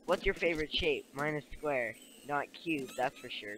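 A man's voice: fairly high pitch, expressive, moderate pace, fairly bright tone. A young man casually commenting on a game he is playing, rambling, giggling and talking to the characters on screen, recorded on a cheap new microphone. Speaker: let's play gamer.

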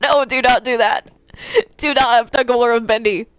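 A woman's voice: fairly high pitch, steady tone, moderate pace, fairly bright tone, clear, resonant tone, lightly acted. A woman voicing a jittery cartoon ink demon boy who keeps pleading and protesting with nervous laughter. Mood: panicked. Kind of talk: Minecraft role-play voice acting.

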